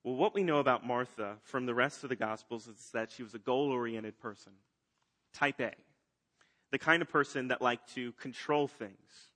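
A man preaching a sermon, swinging between loud emphatic lines and hushed ones. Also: mid-range voice, normal speed. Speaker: pastor.

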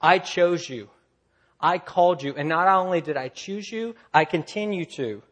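A man preaching a sermon, swinging from loud, lively storytelling to quiet, low emphasis. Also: normal speed. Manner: earnest preaching, rising loud in stories, dropping soft and low. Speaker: pastor.

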